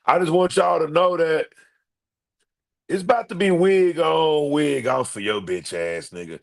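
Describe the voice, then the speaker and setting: A middle-aged man hosting a live stream, talking straight to his chat in an animated, repetitive way and swearing freely. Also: on the high side, measured pace, vocal fry. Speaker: livestream host.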